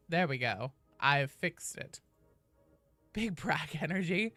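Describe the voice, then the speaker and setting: Woman game streamer, lively swooping pitch, dry close sound. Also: slow, clear, resonant tone, dry recording, soft background music. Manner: loud excited greetings, swears freely. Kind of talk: casual chat with stream viewers.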